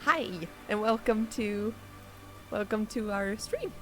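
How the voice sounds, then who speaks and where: Woman, game master, slow hesitant talk, giggly, mid pitch, streamed tabletop session. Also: lively intonation, loud music behind the voice. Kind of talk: casual tabletop game narration.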